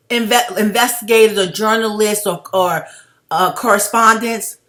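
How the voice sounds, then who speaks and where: A woman on a heated commentary rant, her voice sitting a little high and ringing bright and forceful. She talks bluntly, swears freely and keeps calling her viewers family. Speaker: video blogger.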